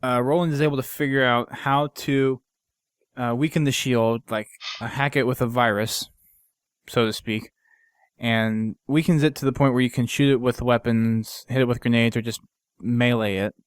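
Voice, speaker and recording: A podcast host with a clear, resonant, medium-pitched voice casually recaps a game mission at a normal speed, with fairly even intonation. He rambles, using lots of fillers and restarts, and the recording has no room sound.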